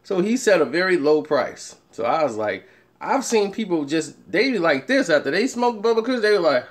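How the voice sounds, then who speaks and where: Animated laughing man telling a story. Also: sits high, normal speed. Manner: laughs often, acts out quoted voices. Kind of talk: casual storytelling chat.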